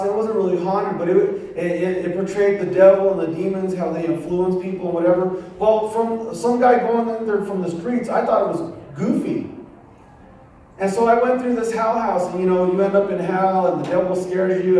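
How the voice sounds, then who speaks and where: A man with a high, mellow voice tells a sermon testimony. He acts out the voices of the people in his story and drops in street slang. The sound is very echoey and comes from a mic some way off in a church, with faint room ambience. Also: far from the mic, a little hiss or hum. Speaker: guest pastor. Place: church sanctuary.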